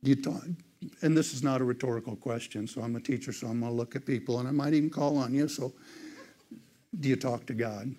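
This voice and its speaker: Animated storytelling man preaching. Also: fast talker. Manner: animated storyteller, leaps into high voices for quoted people; conversational, many "it's like" asides. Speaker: teacher speaking to a church group. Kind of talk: storytelling sermon.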